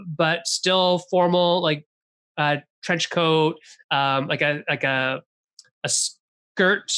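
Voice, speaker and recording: A game master narrating a tabletop role-playing session in a casual, halting way with many fillers. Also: medium pitch, a bit bright.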